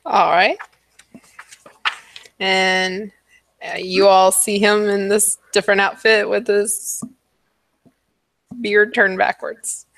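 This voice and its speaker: A woman narrating a tabletop game as game master, slow and hesitant with many fillers. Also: medium pitch, little pitch movement, creaky, a bit bright.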